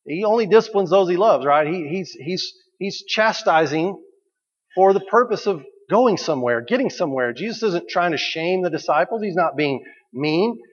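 Pastor guy, chatty sermon, lots of questions, slightly high voice, echoey hall. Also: expressive, normal speed, husky. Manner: conversational, rhetorical questions, repeats key phrases. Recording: dull recording with long hall reverb.

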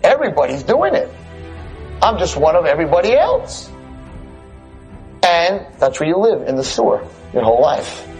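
A man telling a parable in a sermon, animated and conversational. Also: fairly high pitch, moderate pace, long pauses, faint music behind, rough recording. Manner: animated, conversational, asks "right?". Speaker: religious teacher. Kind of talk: sermon storytelling.

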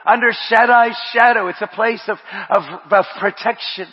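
Preacher man shouting in a reverberant church. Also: high-pitched, measured pace, few pauses, breathy edge. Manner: swings from hushed murmurs to shouted refrains, repeats phrases, speaks in tongues. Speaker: pastor. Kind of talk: sermon. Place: church sanctuary. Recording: dull audio with long hall reverb.

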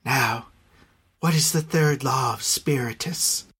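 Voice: mid-range voice, slow, fairly bright tone, husky, full character voice. A narrator voicing an icy, cruel mother. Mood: cold. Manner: stern, icy, clipped. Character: cold, cruel mother in gray robes.

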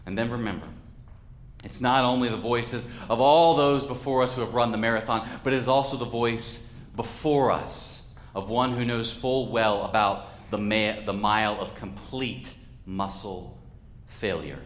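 A male pastor preaching a sermon in a church, with a measured, reflective delivery and dramatic pauses. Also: lowish voice, steady tone, roomy sound.

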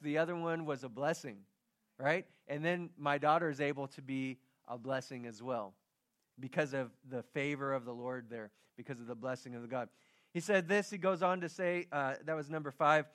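A middle-aged man preaching a sermon, telling a family story in a conversational way that swings from hushed to loud and emphatic. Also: on the high side. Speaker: pastor.

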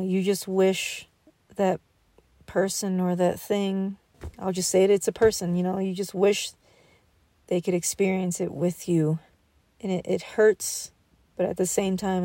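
A woman's voice: on the low side, mellow. A woman hosting a podcast, musing aloud at an outdoor campsite at night and rambling with many fillers. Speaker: podcast host. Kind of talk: reflective outdoor monologue.

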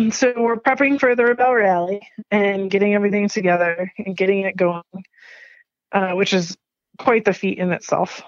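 A business owner being interviewed tells her story animatedly at normal speed, laughing often and jumping up in pitch whenever she quotes herself. The sound is lo-fi with no echo.

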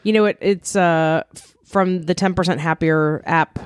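A woman's voice: fairly low pitch, steady tone, unhurried, clean tone, no echo, studio quality. A woman co-hosting a casual podcast, chatty and teasing her partner. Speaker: podcast co-host. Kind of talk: casual chat.

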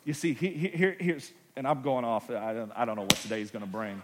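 A man preaching a sermon to his congregation, swinging from quiet, joking asides to loud, shouted proclamations. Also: medium pitch, brisk, hardly any pauses. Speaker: pastor. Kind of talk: energetic sermon. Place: church sanctuary with congregation.

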